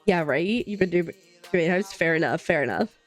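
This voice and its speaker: A young woman hosts a live craft stream from home, stitching while she chats bubbly and rambles, reading and responding to her chat through a desk mic. She sounds expressive, on the low side, at a moderate pace, with soft background music.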